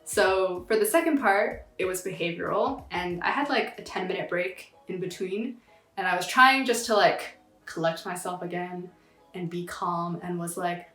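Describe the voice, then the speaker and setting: A young woman in a casual vlog, telling a story in a chatty, slangy, animated way. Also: on the low side, normal speed, roomy sound, soft background music. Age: young adult. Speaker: vlogger.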